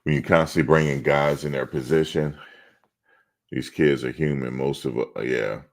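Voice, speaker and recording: A man's voice: a bass voice, steady tone, normal speed. A middle-aged man hosting a sports channel, chatting casually on a live stream and answering his chat in a blunt, streetwise way.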